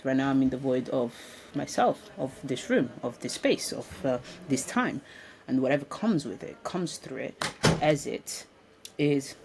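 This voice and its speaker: A woman's voice: very deep voice, mellow, a little hiss or hum. A woman giving a casual spiritual self-development talk in a room, speaking reflectively with frequent restarts and ums. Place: indoor room.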